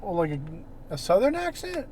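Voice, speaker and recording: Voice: mid-range voice, big pitch swings, normal speed, darkish tone, a little hiss or hum. A podcast co-host chatting casually about a movie, hesitant and full of "um" fillers. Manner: hesitant, many "um" fillers and restarts. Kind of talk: casual movie review chat.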